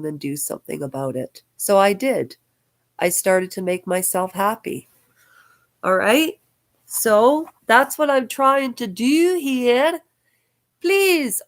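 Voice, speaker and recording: A woman in her fifties, from Ukraine, records a personal vlog at home on her houseboat. She talks slowly and emotionally, wandering from one thought to the next as she speaks straight to camera. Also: mid-range voice. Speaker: vlogger.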